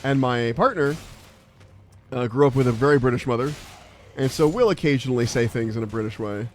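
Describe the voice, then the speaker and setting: A man's voice: mid-range voice, a little fast. Rambling American man streaming a game. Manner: rambling, chatty, many "like" fillers; laughs easily while playing. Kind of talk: live gameplay commentary and chat.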